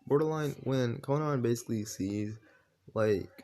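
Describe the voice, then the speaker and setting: A man's voice: mid-range voice, measured pace, dark tone. A man improvising a fan story while playing a game, rambling casually with lots of fillers and swearing.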